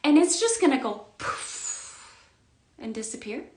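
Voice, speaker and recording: A woman giving an emotional spiritual monologue, swinging between loud outbursts and quiet murmurs, near tears. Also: high voice, very animated, a little slow, reverberant. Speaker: spiritual vlogger.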